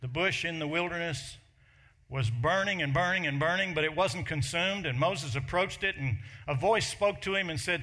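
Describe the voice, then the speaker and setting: A man preaching a sermon, with emphatic delivery that slows and lifts on key phrases. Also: on the high side, sharp tone. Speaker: pastor.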